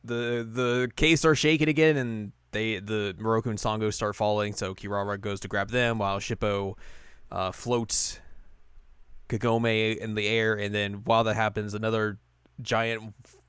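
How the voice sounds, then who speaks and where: A low, smooth male voice on a dry, close recording. He recaps an anime episode in casual chat with a co-host, jokingly putting on the characters' voices as he goes. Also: fairly even intonation, moderate pace, a bit bright, no echo. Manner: playful recapping, acting out characters' lines in silly voices.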